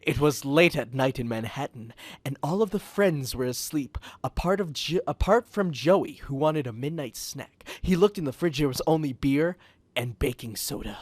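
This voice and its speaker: A man hosting a show, reading fan fiction aloud in a deadpan way with wry asides, speaking into a headset on a video call. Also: fairly high pitch, normal speed, dry recording. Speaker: host and reader.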